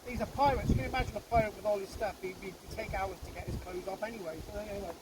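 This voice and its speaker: A man's voice: high voice, fairly even intonation, rapid-fire, background noise. A man guiding a ghost walk, telling a local legend to a group in a chatty way that keeps checking in with the listeners. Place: outdoors on a walking tour.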